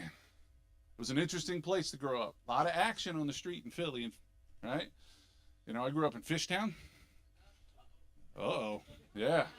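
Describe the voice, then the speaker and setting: A middle-aged man from Philadelphia with a Philly accent, doing an animated, punchy stand-up comedy set on a club stage. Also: on the high side. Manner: animated, punchy delivery with sudden loud bursts.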